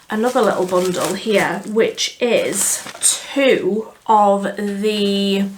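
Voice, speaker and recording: A woman's voice: on the high side, a bit bright, slight background noise. A woman with a Yorkshire accent, chatting enthusiastically through a makeup review, with fillers and laughs. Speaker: beauty vlogger. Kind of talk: casual makeup review chat. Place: indoors under artificial light.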